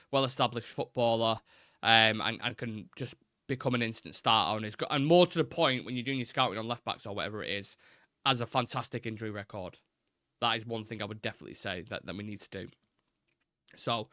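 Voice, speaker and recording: A man's voice: medium pitch, pushed and bright, no echo, clean studio sound. A young man hosting a live football fan show, chatting through his opinions and reading viewer comments, with plenty of fillers and restarts.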